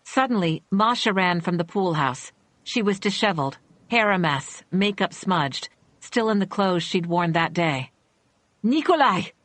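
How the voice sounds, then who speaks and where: A woman narrating a suspense thriller audiobook in a measured, tense storytelling manner. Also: on the low side, fairly bright tone, dry recording.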